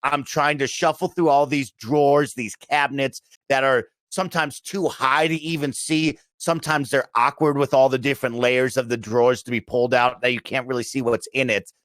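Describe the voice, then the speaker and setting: A man hosting a casual gaming chat, upbeat and rambling in long stretches. His voice sits at an ordinary middle pitch, close on the mic with a dry, dead sound. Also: steady tone, normal speed, few pauses, a bit bright, no room sound. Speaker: podcast host.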